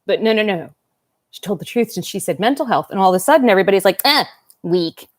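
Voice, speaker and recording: A woman's voice: mid-range voice, expressive, rapid-fire, no room sound. A woman, chatting on a livestream, rambling, reading comments aloud and talking while eating. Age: 50s. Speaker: doll-collecting livestream host. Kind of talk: casual livestream chat.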